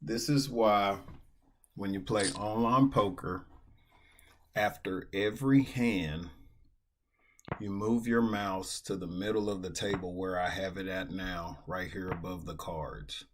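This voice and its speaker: Slow, low-voiced man streaming poker. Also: slight background noise. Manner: profane, venting. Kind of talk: casual live-stream commentary while playing. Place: at a computer, indoors.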